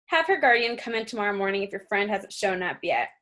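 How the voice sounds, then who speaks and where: A woman voicing a gruff, dismissive male police officer in an audiobook, speaking with a sneer. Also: medium pitch, sing-song, quick pace, fairly bright tone. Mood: mocking.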